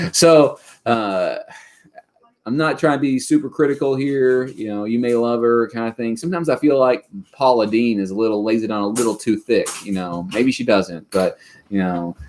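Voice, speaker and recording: A man's voice: mid-range voice, normal speed, a little mellow. A Kentucky man in his thirties with a Southern accent, hosting a casual livestream chat and rambling with many fillers. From Western Kentucky. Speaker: livestream host.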